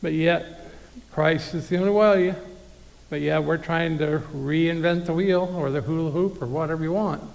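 A male preacher with a somewhat high, gravelly voice delivers a sermon in a casual, conversational way. He reads scripture aloud and speaks straight to his listeners. A long reverb from the hall trails behind his words. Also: moderate pace, darkish tone.

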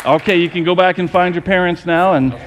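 A man's voice: high voice, fairly even intonation, fairly quick. A middle-aged man preaching a playful Christmas sermon as pastor, talking straight to his congregation. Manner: playful, addresses the congregation directly. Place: church sanctuary with congregation. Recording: long hall reverb, audience noise.

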